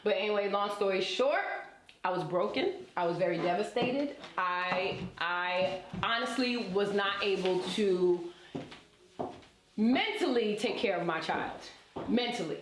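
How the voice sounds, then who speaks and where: A woman in her thirties, an interview guest and relationship coach, telling her life story in a lively, colloquial way and talking straight to her listeners. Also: medium pitch, unhurried, background noise. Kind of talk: personal storytelling in conversation. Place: indoor event space. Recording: roomy echo.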